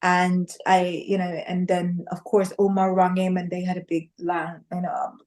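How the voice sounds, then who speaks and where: A woman's voice: fairly low pitch, normal speed. A woman sharing her personal testimony in conversation, telling it animatedly and acting out the voices of the people in it. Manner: animated storytelling with acted quotes and laughs.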